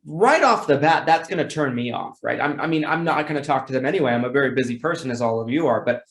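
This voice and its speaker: In a reverberant space, a man with a mid-range voice talks fast as he gives a sales training talk. Working as a sales trainer, he demonstrates phone scripts in an upbeat, excited way, keeping it casual, repeating himself, and self-correcting.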